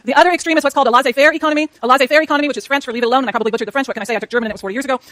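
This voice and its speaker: A woman's voice: high-pitched, very fast, fairly bright tone, no echo. A middle-aged woman lecturing a university economics class in a chatty way, asking the students questions as she goes.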